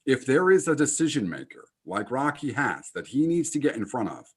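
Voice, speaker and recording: A man's voice: medium pitch, very animated, a little fast, husky. A man hosting a podcast, speaking emphatically and with fired-up energy as he draws lessons from a guest's story. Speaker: podcast host. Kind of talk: casual podcast conversation.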